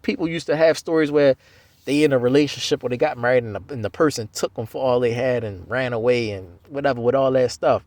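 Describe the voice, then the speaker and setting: A man's voice: medium pitch, a little mellow, no echo. A man in his forties, a Navy veteran, telling his life story in a loose, rambling way with many "you know"s and restarts.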